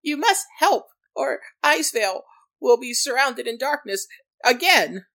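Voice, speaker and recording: A man's voice: very high voice, expressive, a little slow, pushed and bright, pitched above the performer's own voice, exaggerated voice, rough recording. A woman voicing a frail, panicked little male gnome who gasps and pleads breathlessly. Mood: frantic.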